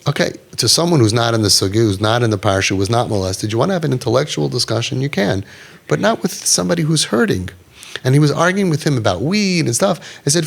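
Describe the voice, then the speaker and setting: A middle-aged man counseling parents in a group talk, animated and acting out quotes, sprinkling in Yiddish and Hebrew words. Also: mid-range voice, quick pace, creaky.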